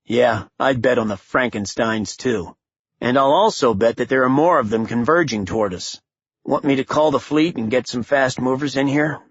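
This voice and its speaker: A blunt older army general with clipped, gruff speech, as a male narrator puts him on. The voice is husky and dry, and the recording sounds slightly dull. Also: medium pitch, moderate pace, no room sound.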